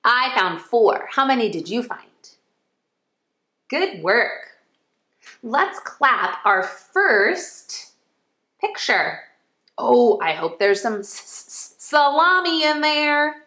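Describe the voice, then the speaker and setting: A woman's voice: a little high, big pitch swings, takes it slowly, pauses often, bright, forceful tone, reverberant. A woman teaching a phonics lesson to young children, cheerful and encouraging, stretching out sounds as she goes. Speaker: kindergarten teacher.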